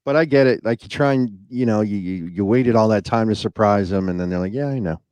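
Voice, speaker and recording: A man's voice: on the low side, quick pace, darkish tone, clear, resonant tone. A man hosting a casual interview, asking easygoing questions with many ums and uhs. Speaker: host.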